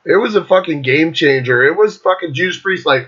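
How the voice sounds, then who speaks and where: Male host, casual rambling chat full of profanity; forceful, bright tone on a muffled, lo-fi recording. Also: fairly high pitch, animated, brisk, hardly any pauses, slightly rough. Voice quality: heavy swearing, loose filler-laden talk. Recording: lo-fi dull recording.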